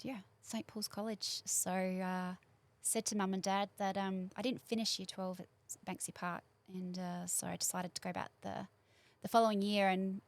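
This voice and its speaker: A woman's voice: medium pitch, creaky. A woman in her forties from New Zealand with a New Zealand accent, chatting as a guest in a rambling way with many fillers. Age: 40s. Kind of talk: casual chat.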